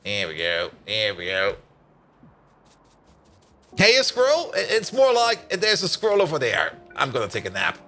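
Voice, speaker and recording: A man's voice: medium pitch, wildly swooping pitch, normal speed, long pauses, pushed and bright, faint music behind. A tired man streaming a factory-building game, chatting and rambling as he plays, with frequent laughs and casual swearing. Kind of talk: casual gameplay commentary.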